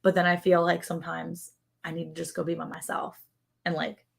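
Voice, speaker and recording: A woman's voice: lowish voice, completely flat delivery, brisk, gravelly, husky. A woman co-hosting a ranch livestream, chatting casually, laughing often and yawning. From Texas. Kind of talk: casual live-stream chat.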